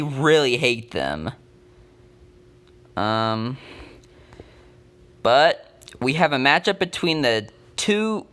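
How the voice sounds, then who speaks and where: A man talking casually to camera in a sports predictions vlog, an excitable fan who rambles and fills his talk with "um"s. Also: mid-range voice, clear, resonant tone. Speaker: vlogger.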